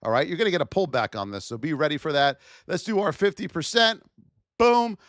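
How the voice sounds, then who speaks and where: Animated high-pitched man hosting a livestream. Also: a little fast, no room sound, studio quality. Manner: animated, shouts out to chat viewers. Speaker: trading livestream host. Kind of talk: live stream market commentary.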